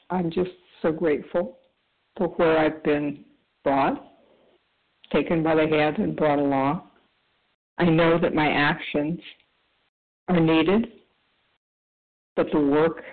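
A woman sharing at a recovery meeting by phone, talking softly and haltingly with many pauses. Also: low voice, fairly even intonation, creaky. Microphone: phone call. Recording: tinny phone line.

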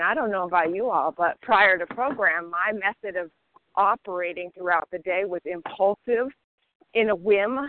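A woman's voice: mid-range voice, dry recording. A woman from Maryland sharing earnestly at a recovery phone meeting. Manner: earnest, emphatic, steady. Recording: dry tinny phone line.

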